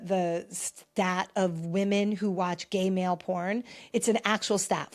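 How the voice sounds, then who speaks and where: A woman hosting a pop culture podcast, talking in a chatty, opinionated way and often swinging between loud and quiet. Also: medium pitch. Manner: chatty, opinionated, shifts loudness a lot. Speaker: podcast host. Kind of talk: casual pop culture commentary.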